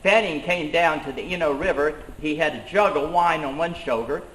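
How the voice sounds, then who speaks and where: A man's voice: a little high, moderate pace, a bit bright, lightly acted. A man as an indignant colonial rebel leader. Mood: earnest. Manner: earnest, emphatic storytelling that rises on grievances. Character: 18th-century colonial schoolmaster turned rebel leader, male, indignant. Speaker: living-history reenactor. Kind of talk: first-person historical reenactment monologue. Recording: roomy echo.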